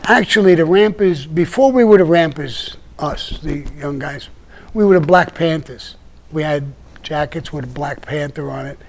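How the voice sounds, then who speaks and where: An older man from Brooklyn, New York, with a Brooklyn accent, appears as a podcast guest, telling stories in a casual chat. His fairly high voice moves at a moderate pace, rambling with many restarts and plenty of "you know."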